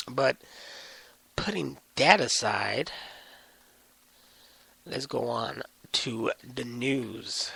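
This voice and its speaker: A young man hosting his own podcast, telling a story as a profane, animated solo rant. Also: medium pitch, gravelly, husky, dry recording. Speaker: podcast host.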